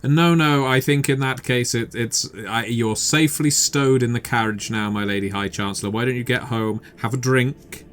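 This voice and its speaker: A man's voice: mid-range voice, steady tone, normal speed, few pauses, fairly bright tone. A man playing in a tabletop roleplaying game, talking hesitantly with many fillers. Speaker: player.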